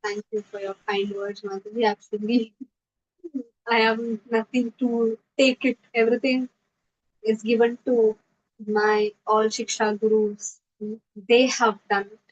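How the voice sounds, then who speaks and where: A woman leads a devotional scripture class. Her voice sits a little high, and she tells her stories with earnest animation. The recording is slightly muffled and lo-fi. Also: little pitch movement, a little slow, a little hiss or hum.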